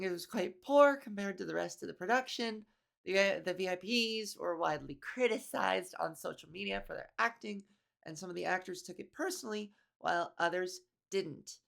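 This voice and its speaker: Gravelly-voiced woman comedian rambling. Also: medium pitch. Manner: rambling, profane, with frequent restarts and asides. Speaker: comedian and podcast host. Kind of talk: casual comedic monologue.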